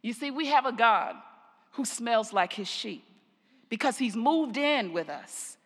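An older woman pastor preaching a sermon, telling stories slowly and deliberately, her phrase endings trailing off softly. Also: fairly high pitch, lively intonation. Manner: slow, deliberate storytelling with soft trailing endings. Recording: long reverb of a large hall.

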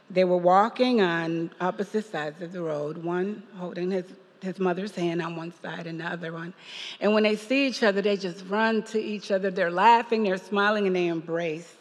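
A woman's voice: on the low side, big-room sound. A woman giving a personal testimony at a church service, telling a story with quoted voices and laughter. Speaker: parishioner giving a reflection.

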